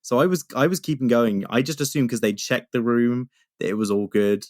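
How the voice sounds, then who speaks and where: A man's voice: medium pitch, a little fast, a little mellow, no echo, studio quality. A young man co-hosting a podcast, telling stories in a rambling way with many restarts. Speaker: podcast co-host. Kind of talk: casual chat.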